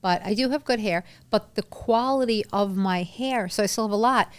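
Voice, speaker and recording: A woman's voice: mid-range voice, moderate pace, clean tone. A woman co-host explaining things in a matter-of-fact way during casual podcast chat.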